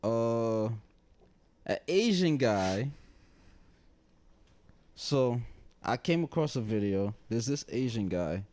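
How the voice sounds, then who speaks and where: A young man co-hosting a podcast in casual chat, telling stories with lively acted-out quotes. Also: medium pitch, takes it slowly, long pauses. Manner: animated storyteller who acts out quoted people. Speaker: podcast co-host.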